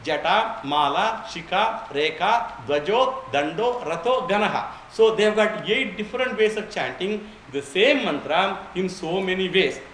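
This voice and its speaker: A man's voice: high-pitched, expressive, a little slow, few pauses, a bit bright, slight background noise. Man lecturing in an echoey room. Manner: explanatory, with frequent restarts and anecdotes. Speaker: teacher of Vedic chanting. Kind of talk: informal spoken lecture.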